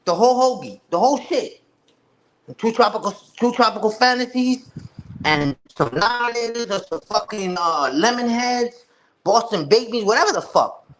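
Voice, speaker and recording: A man from New with a fairly high voice chats off the cuff with a live stream audience. His talk is loose and slang-heavy, and he restarts his sentences often as he swears his way through stories. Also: animated, normal speed, fairly bright tone, a little hiss or hum. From New York. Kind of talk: casual chat with a live audience.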